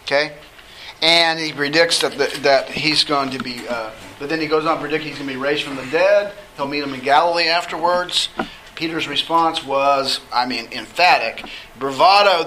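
A man's voice: fairly high pitch, noisy background. A man teaching a Bible study lesson, talking conversationally and putting questions to the class. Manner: conversational, asks the class questions, halting restarts.

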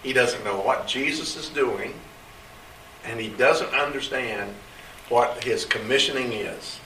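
A man from a Bible class, speaking a little slowly with medium pitch and a sharp tone, thoughtfully puts scripture into plain words during group discussion. He sounds roomy and far from the mic, with a little hiss or hum.

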